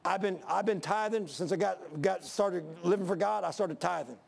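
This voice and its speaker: An older pastor preaches in a high, gravelly voice. He is folksy and emphatic, circling back to the same point again and again. The voice carries in a church during a sermon. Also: moderate pace.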